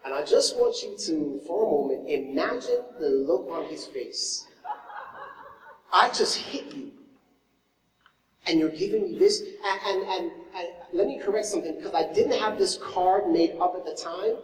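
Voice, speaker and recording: Preacher guy telling a story in a sermon, gets loud then real quiet, distant mic. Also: sits high, unhurried. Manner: animated storytelling, swinging from loud to hushed. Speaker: pastor. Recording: echoey hall, mic from far off.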